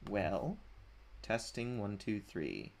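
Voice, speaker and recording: Low-voiced man hosting a livestream. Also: sing-song, slow pace, creaky. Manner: chatty, chuckling, reads usernames aloud. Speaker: livestream host. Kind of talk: casual livestream chat, reading chat aloud. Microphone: desk mic at a streaming setup.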